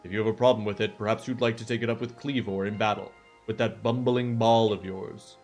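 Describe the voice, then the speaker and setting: A man's voice: lowish voice, steady tone, fairly quick, a little mellow, soft background music, pitched below the performer's own voice, close to an everyday voice. A man voicing an arrogant, pompous male video game clan leader in a put-on accent, drawling and belittling everyone. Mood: haughty.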